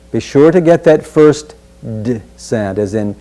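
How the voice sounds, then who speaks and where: A man teaching a pronunciation drill, saying each key word slowly and deliberately and repeating it for students. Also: mid-range voice, dark tone. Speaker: speech instructor.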